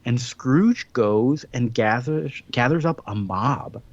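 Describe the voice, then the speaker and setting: A man co-hosting a casual podcast, retelling a comic story with quick put-on voices for the characters. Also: medium pitch, no room sound, lo-fi sound. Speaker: podcast co-host. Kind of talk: casual chat recapping a comic.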